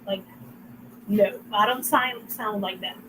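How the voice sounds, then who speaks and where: A woman's voice: mid-range voice, slow, noisy background. A woman from Puerto Rico with a Puerto Rican accent, a Spanish speaker, chatting casually on a writing stream and laughing through her stories. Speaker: writer co-host. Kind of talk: casual chat on a livestream.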